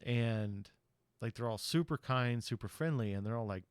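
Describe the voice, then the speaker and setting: A man's voice: medium pitch, moderate pace, smooth, dry recording. A man hosting a podcast, recapping a film plot in a chatty, rambling way, with lots of ums and you-knows. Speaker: podcast host. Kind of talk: casual movie recap.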